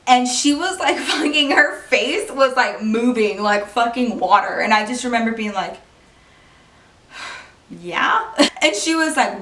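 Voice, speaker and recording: A young woman vlogger telling a personal story in a casual, animated way, swearing and laughing often. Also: on the high side, measured pace. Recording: roomy, distant from the mic.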